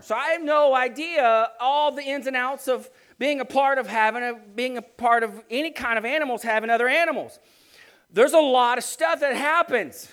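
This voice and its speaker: A high-pitched man preaching by telling a story. He talks in an animated, rambling way and keeps circling back to restart his sentences. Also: smooth. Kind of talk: storytelling sermon.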